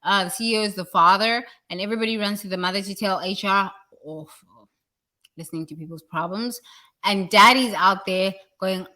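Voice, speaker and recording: A woman's voice: mid-range voice, normal speed, pushed and bright. A woman giving a blunt, preachy motivational talk about work and responsibility, swearing freely. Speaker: leadership speaker.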